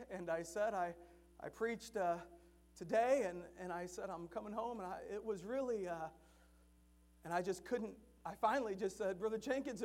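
A man preaching a sermon in a chapel, telling a story softly and then rising to loud, fervent emphasis. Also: high-pitched, normal speed.

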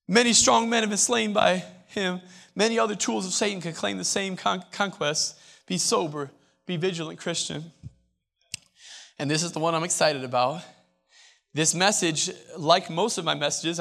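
High-pitched male preacher, emphatic and repetitive sermon delivery, stumbles and restarts, college chapel. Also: normal speed, gravelly, fairly bright tone.

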